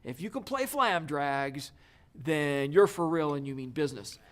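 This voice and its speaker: A man's voice: fairly high pitch, lively intonation, measured pace, fairly bright tone. A man teaching a drum lesson, explaining each step in an encouraging way. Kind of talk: video lesson.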